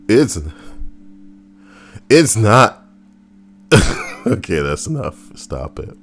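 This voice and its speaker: A man's voice: a bass voice, sing-song, extremely slow, long pauses, a bit bright, breathy edge. A man hosting a live reaction stream, chatting casually and wryly and talking back to his viewers. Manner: wry, chatty, talks back to chat.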